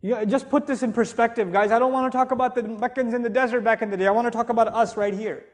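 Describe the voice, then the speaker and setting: A man's voice: extremely high pitch, steady tone, fast talker. A middle-aged man giving a religious lecture to a live audience, conversational and joking, then rising into emphatic passages. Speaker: Islamic speaker.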